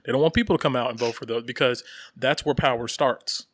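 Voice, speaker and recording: A man's voice: mid-range voice, fast, no room sound. Brief: male podcast co-host, loose and rambly, chuckles mid-sentence, dry close sound. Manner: rambling, many fillers and repeats; animated, laughs while talking. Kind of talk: casual chat.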